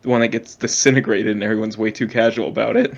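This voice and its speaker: A young man co-hosting a podcast, jokey and quick to banter. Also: fairly low pitch, level tone, vocal fry, highs cut off. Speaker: podcast co-host. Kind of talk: casual chat.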